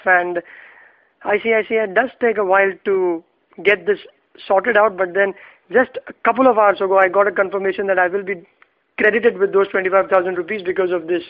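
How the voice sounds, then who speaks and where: A man with an Indian English accent telling a personal story in a relaxed, easy-laughing manner. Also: high voice. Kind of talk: casual anecdote telling. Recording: tinny phone-like sound.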